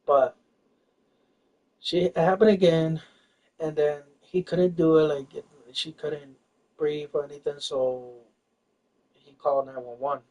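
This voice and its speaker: A man's voice: a little high, steady tone, unhurried, pauses often, a little mellow. A man telling a personal story in casual chat, rambling and hesitant, full of fillers and restarts. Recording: distant, dull lo-fi recording.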